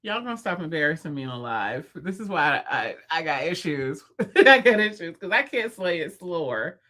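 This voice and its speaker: A young woman, hosting a casual livestream, talking fast and laughing often with her viewers. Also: low voice, very animated, sharp tone. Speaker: livestream host.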